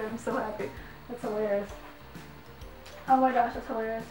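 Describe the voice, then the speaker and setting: A woman's voice: a little high, a little fast, pauses often, far from the mic. Giggly young woman, echoey room. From Canada. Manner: excitable and giggly, heavy use of "like". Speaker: vlogger. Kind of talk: casual unboxing vlog. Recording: echoey room, voice off-mic, faint music.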